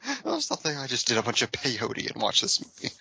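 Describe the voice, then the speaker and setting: A man's voice: medium pitch, huge pitch swings, a little fast, pushed and bright, no echo, lo-fi sound. A man co-hosting a comedy podcast, joking playfully with the crew. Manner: playful, jokey, with gravelly fry. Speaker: podcast co-host. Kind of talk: casual comedic chat.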